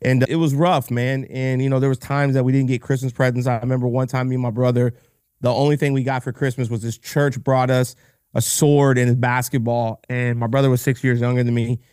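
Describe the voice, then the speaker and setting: A man appears as a podcast guest, an entrepreneur in a casual interview, talking candidly and earnestly but often restarting as he chokes up, near tears. His medium-pitched voice is brisk, smooth, slightly mellow and flat in delivery. The studio sound is clean with no echo.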